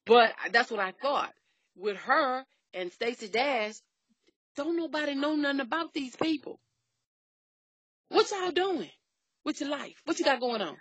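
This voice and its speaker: Woman, middle-aged, casual chat, blunt, profane, animated storyteller, dry sound. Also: high-pitched, unhurried, pauses often, husky, no echo.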